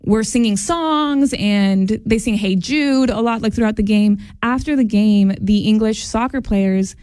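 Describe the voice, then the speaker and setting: A woman's voice: medium pitch, unhurried, dark tone, clear, resonant tone, dry recording. A woman co-hosting a casual talk show, telling a family story with chatty enthusiasm. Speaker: co-host. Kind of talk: casual chat.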